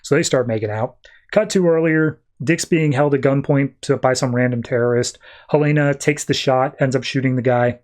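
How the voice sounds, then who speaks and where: A podcast host loosely recaps a comic book plot, dropping plenty of "uh" and "he's like" along the way. He speaks at a moderate pace in a mid-range, darkish voice.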